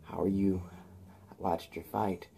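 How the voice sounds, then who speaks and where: A man voicing a scheming, taunting young rich man, speaking low and hushed with quiet menace. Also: little pitch movement, a little slow, creaky, husky, full character voice. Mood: menacing.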